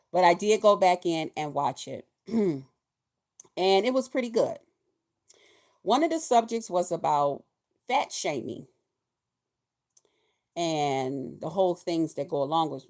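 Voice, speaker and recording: A woman's voice: sits low, darkish tone. A woman hosting a weekly livestream, chatting casually and folksily with her viewers, greeting and thanking them directly. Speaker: host of a weekly live show.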